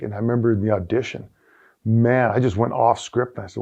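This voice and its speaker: Gravelly, dark-voiced man telling stories. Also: medium pitch, brisk. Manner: animated storyteller, many fillers and restarts. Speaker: guest, sales executive and former football player. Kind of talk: casual interview storytelling. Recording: dull lo-fi recording.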